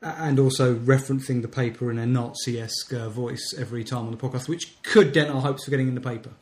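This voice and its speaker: An English man co-hosting a podcast, chatting casually with dry, deadpan humour. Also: medium pitch, fast talker. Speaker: podcast co-host. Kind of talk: casual chat. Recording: echoey room.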